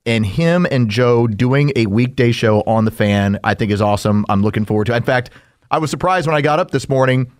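A man's voice: mid-range voice, brisk, dry recording, clean studio sound. Earnest reflective male podcast host. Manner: earnest, reflective, repeats words when starting sentences. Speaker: podcast co-host and sports radio host. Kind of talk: casual podcast chat.

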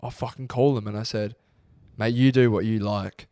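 Young Australian bloke telling a story. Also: male voice, on the low side, normal speed, dry recording, clean studio sound. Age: young adult. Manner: animated storyteller acting out quotes. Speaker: podcast co-host. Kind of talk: casual podcast chat.

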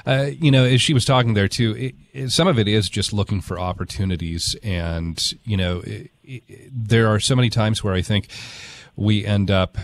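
A man's voice: fairly low pitch, a little fast. A man hosting a radio talk show, friendly and conversational as he takes calls. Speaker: radio host.

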